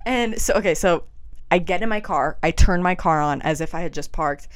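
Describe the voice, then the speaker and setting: A young woman co-hosts a casual chat podcast, recounting a story in a lower-pitched voice. She laughs often and fills her talk with "like". The sound is dry and close. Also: normal speed, no echo. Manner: storytelling with frequent laughs and "like" fillers. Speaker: podcast co-host. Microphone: webcam or camera in a room.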